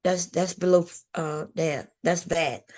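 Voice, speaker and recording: A woman's voice: lowish voice, steady tone, takes it slowly, darkish tone. A woman hosting a casual livestream, chatting to her viewers in a talkative, repetitive way. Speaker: livestream host.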